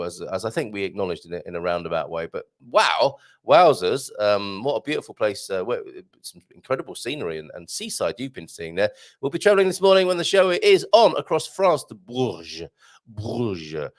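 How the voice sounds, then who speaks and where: Gravelly, lively British-sounding male host. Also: mid-range voice. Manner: chatty, rambling, jokey asides. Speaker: radio show host. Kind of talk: casual live show chat, reading listener messages. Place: small home studio.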